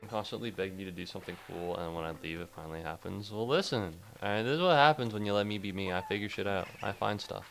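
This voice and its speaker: A gaming streamer with a fast, gravelly, lowish voice rattles off casual commentary over soft background music, barely pausing. He's chatty and swears freely, talking to the creatures on screen and turning to his chat between bouts of play.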